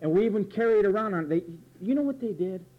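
A man delivers a sermon in a fairly high voice, emphatic and repetitive. He drills word definitions and keeps asking rhetorical questions. The sound is muffled, like an old lo-fi tape. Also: lively intonation, fast. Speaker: preacher. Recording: dull lo-fi recording.

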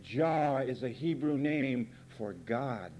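A man's voice: medium pitch, lively intonation, slow, darkish tone, muffled recording, a little hiss or hum. A man preaching a fiery, sarcastic sermon from the pulpit, emphatic and blunt. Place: church pulpit.

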